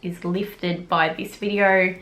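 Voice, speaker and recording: A woman's voice: fairly low pitch, steady tone, slow pace, a bit bright. A young Australian woman talking to camera on her vlog camera, open and emotional, with casual swearing. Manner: candid, emotional, swears freely. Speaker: beauty vlogger.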